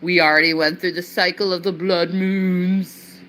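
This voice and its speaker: A woman talking excitedly about religious signs, drawn-out and whooping. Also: fairly low pitch, slight background noise, rough recording.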